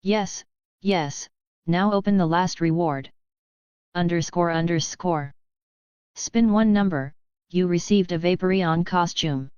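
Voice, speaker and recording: A woman voicing an exasperated, sharp-tongued female spirit. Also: fairly low pitch, slow pace, pauses often, clean tone, no room sound. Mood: matter-of-fact. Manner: scolding, exasperated. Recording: dull lo-fi audiobook audio.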